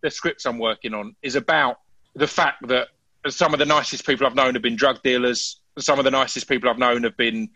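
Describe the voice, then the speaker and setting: Guy rambling through a story, restarts a lot, bright tone, dead dry room. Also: mid-range voice, fairly quick, no room sound, poor audio. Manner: animated storytelling with frequent restarts. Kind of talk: casual chat.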